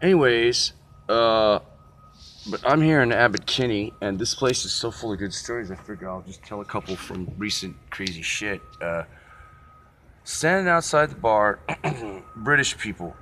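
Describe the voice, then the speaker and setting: A man's voice: on the low side, moderate pace, slight background noise. A man from Encino, California, telling rambling, profane comic stories outdoors on a city street. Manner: animated, profane, digressive. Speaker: vlogger.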